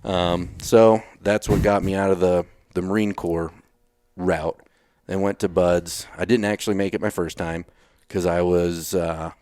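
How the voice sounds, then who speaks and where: The low, slightly mellow voice of a retired Texas Navy SEAL comes through a little slow, with fairly even intonation, on a dry, clean studio recording. Guesting on a podcast, he tells casual stories bluntly, swearing freely and acting out things he once said.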